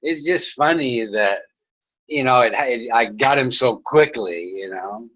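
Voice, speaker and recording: A man's voice: mid-range voice, a little slow, bright, forceful tone. A man hosting an online chat, talking casually, laughing often and mocking a troublemaker in crude language. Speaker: chat room host. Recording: dull lo-fi sound.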